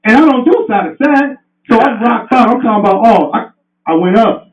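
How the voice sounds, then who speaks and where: A man's voice: very high voice, expressive, a little fast. A man giving a passionate, preachy motivational speech to a live audience at an indoor event. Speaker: motivational speaker. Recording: roomy, distant, dull sound.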